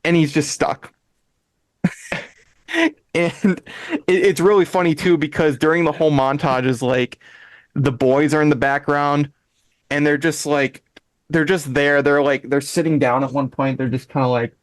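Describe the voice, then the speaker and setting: Retelling an episode in a casual podcast chat, a male host with a fairly high voice talks unhurriedly with long pauses. He's animated, doing voices for the characters' lines, laughing frequently and restarting sentences; there's no room sound.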